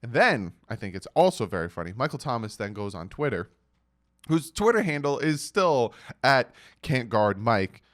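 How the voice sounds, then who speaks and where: A man from the United States riffing on a sports feud in a casual vlog. His pitch swings widely as he mocks and reads out quotes with heavy emphasis. He sits at a middle pitch for a man. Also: big pitch swings, normal speed, fairly bright tone. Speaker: sports commentary vlogger.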